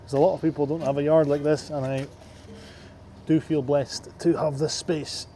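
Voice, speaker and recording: A man's voice: fairly high pitch, little pitch movement, moderate pace, mellow, slight background noise. A man in his twenties, a landscape business owner, chatting casually as he talks through his workday outdoors. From Scotland. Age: 20s. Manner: chatty, self-talking, plans the workday aloud. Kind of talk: casual work vlog. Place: outdoors at work sites and yard.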